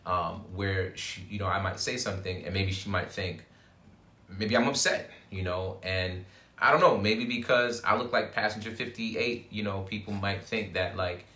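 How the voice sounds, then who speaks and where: A man co-hosting a casual conversation, speaking seriously and thoughtfully, with dry humor in between. His voice sits fairly low but has a bright edge, and the room gives it a noticeable echo. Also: steady tone, normal speed. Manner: serious, thoughtful, joking dryly. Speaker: co-host. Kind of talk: casual chat.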